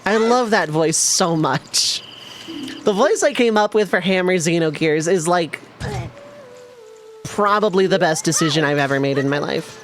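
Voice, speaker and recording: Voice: medium pitch, a little slow, slight background noise. Rambling, self-amused game streamer. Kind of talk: casual live-stream chat while gaming.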